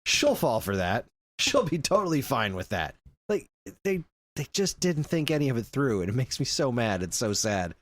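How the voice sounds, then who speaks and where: A man's voice: medium pitch, normal speed. A man co-hosting a casual podcast chat, ranting animatedly about films. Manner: animated ranting, acts out quotes. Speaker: podcast co-host.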